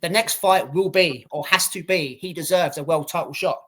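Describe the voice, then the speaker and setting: A man's voice: on the high side, moderate pace, fairly bright tone. A man co-hosting a casual boxing podcast, ranting and swearing with lots of repetition. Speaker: podcast co-host.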